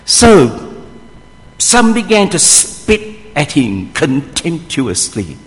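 A man's voice: a little high, wildly swooping pitch, very slow. A man preaching a sermon, telling the story vividly and acting out the voices of the people in it. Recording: long hall reverb.

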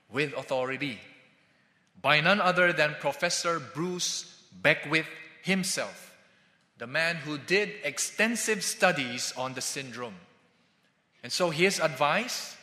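A male pastor delivers a sermon at an unhurried pace, leaning hard on key words and sinking to a hush at the close of each point. His voice sits a little high and rings bright. The sound is roomy, with a long hall reverb. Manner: emphatic, with drawn-out stressed words and sudden drops in volume.

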